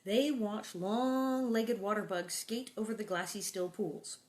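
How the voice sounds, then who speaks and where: Woman, middle-aged, reading aloud, children's book, chatty asides, playful, soft whispers. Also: medium pitch, steady tone, a little slow. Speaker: reader and host.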